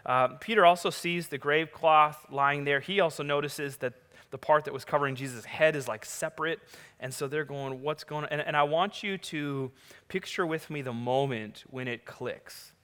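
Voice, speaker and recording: A man preaching a sermon, reading scripture and retelling the story in an animated, conversational way. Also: on the high side, moderate pace, clear, resonant tone. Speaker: pastor. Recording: large hall with long reverb.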